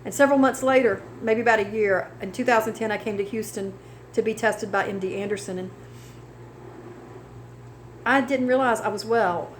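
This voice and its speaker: A woman's voice: mid-range voice, normal speed, long pauses, a little hiss or hum, poor audio. A woman giving an earnest personal testimony of faith and healing, building into preaching with scripture cadences. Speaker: cancer survivor giving testimony.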